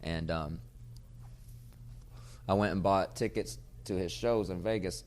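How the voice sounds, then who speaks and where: Man, podcast host, comedian, casual storytelling, profane, animated, lowish voice. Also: a little slow. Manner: profane, animated storyteller who gets loud acting out arguments.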